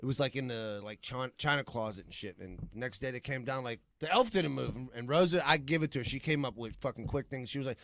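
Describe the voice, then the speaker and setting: A man's voice: mid-range voice, fast talker, hardly any pauses, fairly bright tone, slight background noise. Swearing rambling podcast co-host man. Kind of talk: casual chat.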